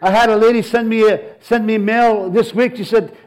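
With hardly a pause, a high-pitched male pastor preaches at normal speed over rough audio. His sermon is full of lively stories, acted-out dialogue, and repeated phrases.

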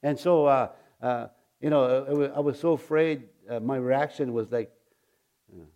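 A man, a pastor, telling a personal testimony in a rambling, halting way, with many restarts and chuckles. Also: mid-range voice, steady tone, dark tone. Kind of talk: testimony storytelling.

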